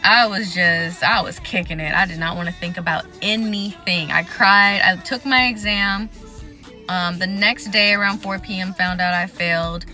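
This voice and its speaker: A young woman vlogging about resetting after failed exams, candid and chatty, listing things off in quick runs. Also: medium pitch, steady tone, pushed and bright, soft background music. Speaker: vlogger sharing exam advice. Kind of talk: casual talking-to-camera vlog.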